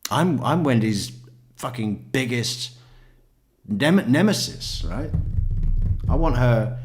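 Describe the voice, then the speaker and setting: A man's voice: mid-range voice, animated, slow pace. A man giving profane, sarcastic true crime commentary, exasperated and mocking as he argues his point. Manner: swears constantly, sarcastic and exasperated, mocks others in put-on voices.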